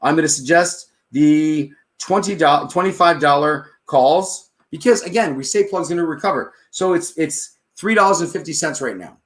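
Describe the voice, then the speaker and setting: Confident man talking through trade math. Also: on the high side. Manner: brisk, confident, walks through numbers aloud; checks in with "all right?" and "okay?" often. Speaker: stock trading advice host. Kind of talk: casual advice monologue.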